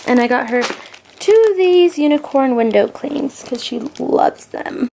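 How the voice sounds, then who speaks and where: A woman's voice: sits high, lively intonation, unhurried, gravelly, warm tone, faint music behind. A young woman vlogging casually as a stay-at-home mom, chatty and full of "like" and "um". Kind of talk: casual vlog chat.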